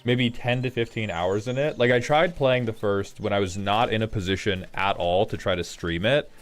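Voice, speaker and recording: A man's voice: lowish voice, moderate pace. A man streaming a video game, chatting casually with dry, self-mocking jokes.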